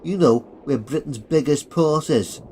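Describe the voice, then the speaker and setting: A brash, swearing Liverpool squaddie, as a male storyteller puts him on, pitched high and loud with open insolence. His temper flares fast in this war audiobook. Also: a little hiss or hum, lightly acted. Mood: cheeky, combative. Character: foul-mouthed hot-tempered Liverpool soldier.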